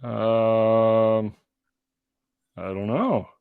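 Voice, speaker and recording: A man co-hosting a podcast, joking and self-deprecating in casual whiskey-tasting chat, with halting restarts. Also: lowish voice, steady tone, creaky, clean tone, dry recording, phone-quality sound. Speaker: podcast co-host.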